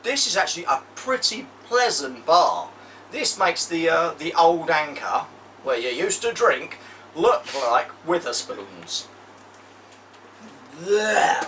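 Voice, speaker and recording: Animated game master. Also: male voice, on the high side, slow, distant mic, slight background noise. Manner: crude, joking, animated. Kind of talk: narrating a tabletop game.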